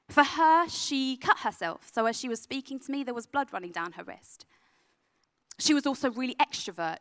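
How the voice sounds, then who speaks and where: A young adult woman who works with youth, giving an earnest sermon that drops to a soft, hushed tone on heavy points. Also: fairly high pitch. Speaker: youth worker and speaker. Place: event venue.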